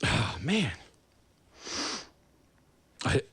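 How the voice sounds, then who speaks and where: A man's voice: very slow, fairly bright tone, dry recording. A man from the United States hosting a talk show, delivering an earnest, rambling monologue that turns emotional. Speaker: host.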